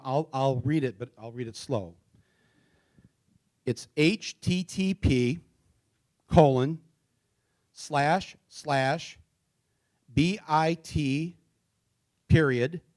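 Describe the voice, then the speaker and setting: A middle-aged man hosting a live town hall in a theater, talking casually with many fillers and restarts, and spelling things out slowly. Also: medium pitch, dark tone. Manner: spells out addresses slowly letter by letter. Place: theater stage before a live audience.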